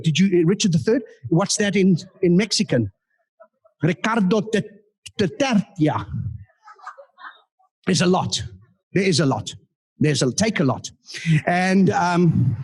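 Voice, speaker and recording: A man's voice: on the high side, a little mellow, breathy edge. A man doing live stand-up, telling playful self-mocking stories with asides to the audience. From South Africa. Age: 40s. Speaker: comedian and guest speaker. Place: indoor club meeting room.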